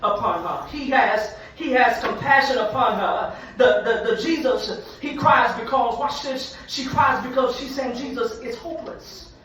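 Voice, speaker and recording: A man, preaching an impassioned sermon that repeats phrases and swells into shouts. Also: very high-pitched, unhurried, hardly any pauses, a little hiss or hum. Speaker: pastor. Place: large church sanctuary. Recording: echoey church hall from far off.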